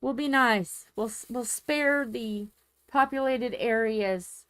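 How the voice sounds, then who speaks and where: A woman's voice: on the high side, slow, fairly bright tone, smooth, dry recording. A woman chatting casually on a home live stream, rambling and joking and swearing freely.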